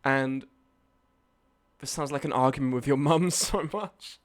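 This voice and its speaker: A man's voice: mid-range voice, unhurried. A young man telling a night-out story on a live stream, swearing and arguing back at his chat. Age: young adult.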